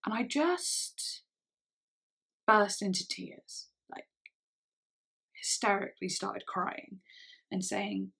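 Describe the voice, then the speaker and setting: Halting young vlogger woman, gravelly and husky. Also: medium pitch, a bit bright. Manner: halting, hesitant speech with many restarts. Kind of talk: storytime vlog.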